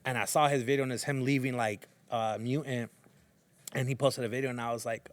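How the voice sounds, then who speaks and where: Guy on a podcast telling stories, slangy, acts out the quotes, mid pitch. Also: fairly even intonation, brisk. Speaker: podcast guest. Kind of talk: casual storytelling chat.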